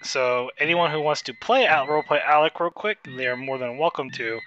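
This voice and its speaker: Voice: medium pitch, fairly quick, fairly bright tone, dull audio, a little hiss or hum. A game master narrating a tabletop game, chatty and loose while setting up the scene.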